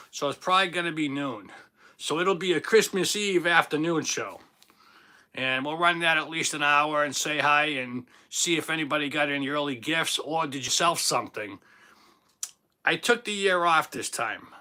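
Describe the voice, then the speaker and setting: Fairly high in pitch with a sharp tone, a man in his fifties from Boston, Massachusetts hosts a casual livestream in a Boston accent. He's jokey, chatty and self-teasing as he reads and responds to viewer comments.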